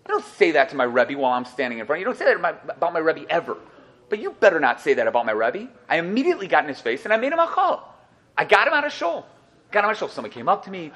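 Guy giving a torah class, talks fast and all over the place, kinda high voice, acts out the characters and cracks jokes. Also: breathy edge. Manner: lively storytelling, acts out voices, jokes with listeners. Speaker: rabbi teaching a class.

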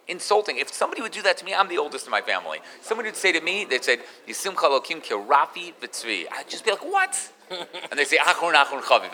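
A man teaching a Torah class in an animated way, mixing in Hebrew terms. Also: medium pitch, big-room sound. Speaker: rabbi giving a Torah class.

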